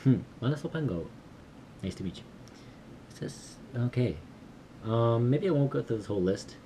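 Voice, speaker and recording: A man recording a casual study vlog, slowly sounding out and repeating words he is learning, with small self-deprecating laughs. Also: mid-range voice, mellow, slight background noise. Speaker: language learner vlogger.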